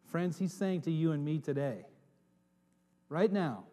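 A high-voiced man preaching a sermon to his congregation. He drops to a hush, then rises to dramatic shouts. His voice rings out with a long reverb in the church hall. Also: animated, unhurried, pauses often. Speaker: pastor.

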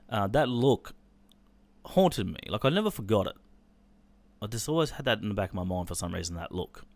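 A man, telling a painful personal story on a podcast in a halting, sombre way, with swearing. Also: low-pitched. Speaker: podcast host.

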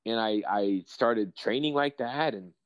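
A young man, a professional fighter, chatting casually in an interview and telling rambling, excitable, profane stories. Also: on the low side, measured pace, no echo, muffled recording.

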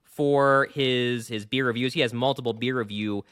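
A man hosting a casual gaming podcast, rambling and animated with lots of fillers. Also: mid-range voice, normal speed, clean tone, no echo, clean studio sound. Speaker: podcast host.

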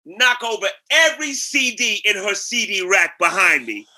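A man from New York spins lively anecdotes as an interview guest, slipping into other people's voices as he goes. His voice sits high for a man and sounds very bright and forceful. The storytelling is animated and casual. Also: moderate pace. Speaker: guest, singer and actor.

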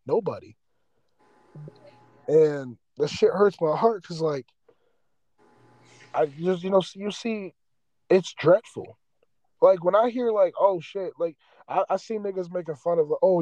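Raw feeling and constant swearing drive this podcast host's rambling, casual rant. The man's voice sits high and mellow, with no room sound and the highs cut off.

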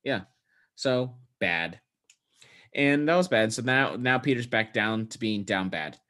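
A man co-hosting a podcast, talking through a film's plot in loose, casual chat. He tells it in a joking, profane, animated way, at a middle pitch for a man. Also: unhurried. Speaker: podcast co-host.

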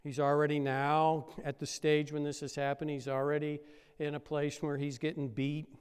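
A pastor preaching a sermon, retelling a story and building up to loud, emphatic peaks. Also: male voice, fairly high pitch, little pitch movement, moderate pace, clear, resonant tone, long reverb tail.

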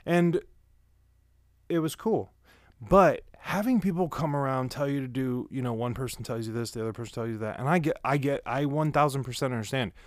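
A man's voice: mid-range voice, fairly quick. A man with a mid-range voice tells rambling stories in a loose, casual way, swearing freely as he goes. The sound is dry, with no room echo. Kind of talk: casual storytelling.

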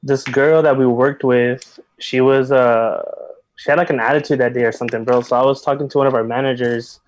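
A man guest on a podcast, telling a story in casual chat, animated and full of slang and filler words. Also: mid-range voice, a little fast, muffled recording. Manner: animated, heavy slang, many filler likes.

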